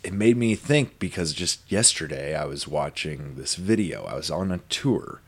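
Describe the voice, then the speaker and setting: A man's voice: extremely low pitch, animated, moderate pace, husky. A man hosting a podcast, telling a long story in a rambling, casual way full of fillers and asides. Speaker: podcast host. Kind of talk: casual conversation.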